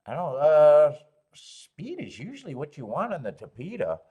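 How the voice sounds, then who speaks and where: A man's voice: fairly high pitch, very animated, moderate pace, warm tone, husky. A man hosting a live horse racing stream, rambling and joking while greeting viewers in chat.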